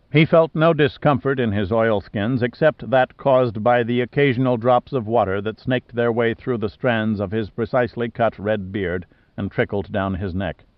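Male narrator for a sea thriller, mid pitch, dull and dry recording. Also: no room sound. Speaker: audiobook narrator. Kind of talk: scripted narration. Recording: dull dry studio audio.

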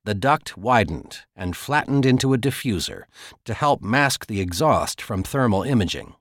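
A man narrating a thriller audiobook in a steady, measured storytelling voice. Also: lowish voice, no echo, clean studio sound. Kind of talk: scripted narration.

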